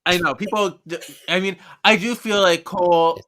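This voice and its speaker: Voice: medium pitch, steady tone, moderate pace, a bit bright. A podcast co-host in casual chat, agreeing with laughs and adding thoughtful asides.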